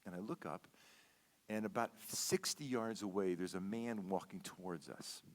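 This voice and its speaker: A man with a low voice preaches as a guest speaker in a church sanctuary, keeping a moderate pace. His sermon unfolds as a conversational personal story, full of repeated words and frequent "okay?" check-ins.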